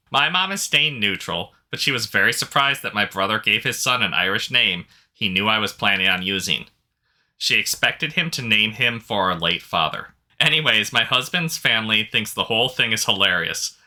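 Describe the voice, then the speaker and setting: A man with a low, strikingly bright and forceful voice reads out stories in a relaxed, easygoing way. He chuckles often as he co-hosts a casual chat. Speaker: podcast co-host reading posts.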